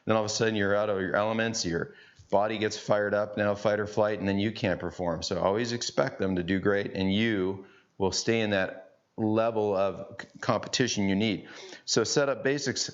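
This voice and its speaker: A man's voice: lowish voice, steady tone, normal speed. A middle-aged man teaching golf, chatty and folksy with joking asides. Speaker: golf instructor. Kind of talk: on-course instruction. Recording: dull lo-fi sound.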